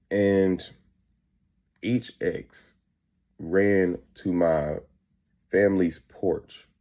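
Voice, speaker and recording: Low, dark-voiced man recounting dreams. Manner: earnest, repetitive, quoting voices in his dreams. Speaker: preacher sharing dreams. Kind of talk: spoken testimony of prophetic dreams.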